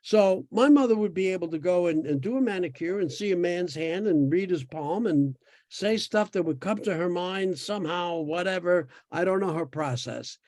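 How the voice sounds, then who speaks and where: An elderly man in his eighties, from New York, talks in a rather high voice. He tells long, winding stories with restarts and the odd laugh, recorded dry and close with no room sound. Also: normal speed, a little mellow, no echo. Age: 80s. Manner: rambling storyteller with restarts and laughs. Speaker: podcast guest sharing his experience. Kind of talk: casual conversation.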